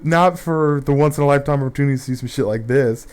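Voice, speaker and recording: A man's voice: medium pitch, fast talker, clean tone. A young man telling a rambling, profane story in casual gameplay commentary, full of fillers and restarts.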